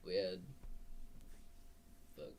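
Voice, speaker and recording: A man's voice: drawn-out words, a little mellow, low-quality recording. A young man telling a party story in a casual chat, laid-back and full of "you know.". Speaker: guest.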